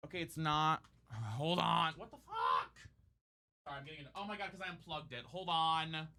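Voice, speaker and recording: A male streamer chatting casually with his viewers, his voice lively and swinging up and down. The tone is bright and slightly higher than most men's, and he slips easily into exasperated rants. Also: normal speed, no echo. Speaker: live streamer. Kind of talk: casual chat while gaming. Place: room at home.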